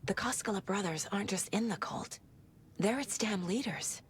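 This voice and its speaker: A wry woman detective in a video game. Her voice is breathy and airy, pitched in the middle, and her remarks come out dry and matter-of-fact. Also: normal speed.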